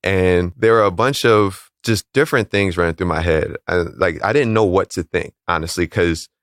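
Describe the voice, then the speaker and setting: A man, an interview guest, calmly retelling a personal story and acting out what people said to him. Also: sits low, no echo, clean studio sound. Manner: calm, measured retelling, acting out quoted voices. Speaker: interview guest, calisthenics league founder.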